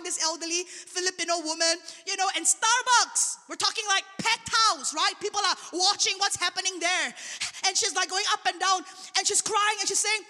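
A woman preaching a sermon, telling a testimony in an animated way. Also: very high voice. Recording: long hall reverb.

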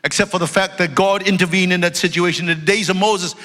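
Brief: male pastor, high bright voice, emphatic sermon, big reverberant church hall. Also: fairly even intonation, fast. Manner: emphatic, loud, swings between shouting and low storytelling asides. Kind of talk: preaching a sermon. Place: church sanctuary. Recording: long reverb of a large hall.

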